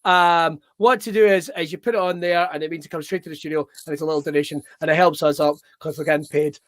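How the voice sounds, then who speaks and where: A man hosts a wrestling chat show in a high-pitched voice, excitable and quick to swear. His jokes tumble out on a dry, close recording with no room around him. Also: dry recording. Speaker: show host.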